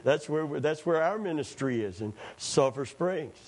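A middle-aged man, preaching as a pastor in a church, telling stories in an animated way, acting out quoted voices and laughing at his own stories. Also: a little high, normal speed. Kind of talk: storytelling sermon.

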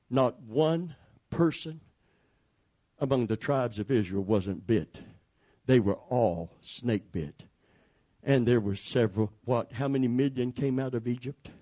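A man's voice: medium pitch, mellow. A man pastor preaching a sermon with emphatic repetition and calls for the congregation to respond.

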